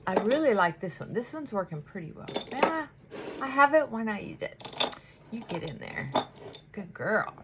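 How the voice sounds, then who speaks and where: A woman therapist chatting casually while doing her makeup, animated and acting out her clients' voices. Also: medium pitch, normal speed, very noisy.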